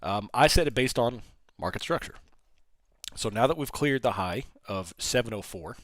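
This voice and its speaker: A man with a medium-pitched, fairly bright voice and lively intonation talks at a moderate pace, recorded in a small studio with no room sound. He hosts a live day-trading stream, calling out price levels and answering chat questions in a chatty style of market commentary.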